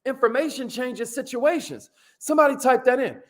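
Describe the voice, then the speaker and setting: A man hosting a live motivational stream, energetic and casual, greeting viewers by name and repeating his key lines. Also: high-pitched, moderate pace.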